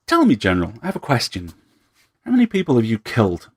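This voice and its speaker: A man voicing a calm, menacing male thief who mocks and taunts his victim. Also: mid-range voice, fast, slightly rough, pitched above the performer's own voice. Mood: mocking. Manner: mocking, taunting.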